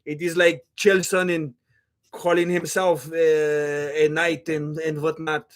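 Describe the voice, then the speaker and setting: A man putting on a slow, halting, mock-polite voice for a falsely humble boxer champ with a Mexican Spanish accent. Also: a little high, little pitch movement, voice pushed down.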